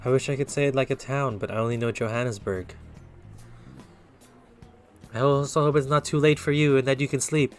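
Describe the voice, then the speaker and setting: A man's voice: medium pitch, fairly even intonation, fairly quick, pauses often, soft background music. A man giving a casual tarot reading on a live stream, chatting loosely and directly with his viewers. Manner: chatty, talks straight to chat viewers, loose and upbeat.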